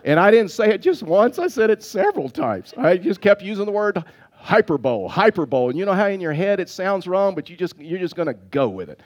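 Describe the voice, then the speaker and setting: Male pastor, sermon delivery, slightly raised pitch, rambling anecdotal style. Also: very animated, a little fast. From Texas. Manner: storytelling with frequent repeated words and restarts.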